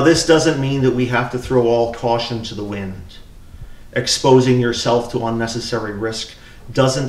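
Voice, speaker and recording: A man preaching a sermon in a church, with an earnest, measured delivery that moves between scripture and storytelling. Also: medium pitch. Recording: echoey church from far off.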